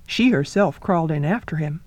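A woman narrating a folktale in a soft, measured storytelling manner, sometimes dropping to a whisper. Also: deep voice, expressive, no echo.

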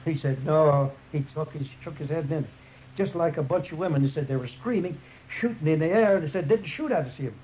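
A man recounts an old story he was told, circling back with restarts and repeated phrases as he goes. His voice sits a little high, heard on a dull, muffled tape with a faint hiss underneath. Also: a little fast. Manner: rambling, repeats "up there", many restarts. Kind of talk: oral history retelling.

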